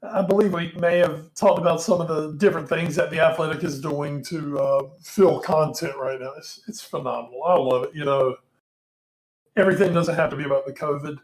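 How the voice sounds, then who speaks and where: A man's voice: a little high, steady tone, fairly quick. A tired man co-hosting a casual sports podcast, rambling with lots of ums and casual swearing. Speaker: co-host. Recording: echoey room.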